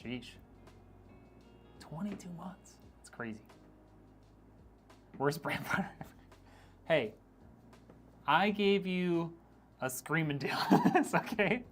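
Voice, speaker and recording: A man's voice: a little high, expressive, slow, long pauses, a bit bright, soft background music. Joking man on a livestream. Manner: joking, teasing, laughs often. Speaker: streamer building PCs. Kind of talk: casual livestream chat reading viewer comments.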